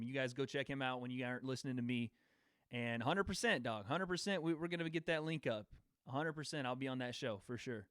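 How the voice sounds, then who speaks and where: A young man hosts a casual livestream from home, laughing and bantering with his chat between fight predictions. His voice is smooth and clean, sitting mid-range in pitch. The sound is dry, with no room around it. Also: a bit bright, no echo. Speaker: livestream host.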